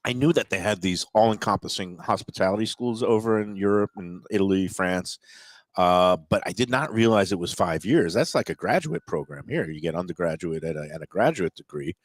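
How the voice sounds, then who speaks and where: A man co-hosting a talk show, chatting casually in a relaxed way with fillers. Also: sits low, a little fast, no room sound. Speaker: show co-host. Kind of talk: casual chat.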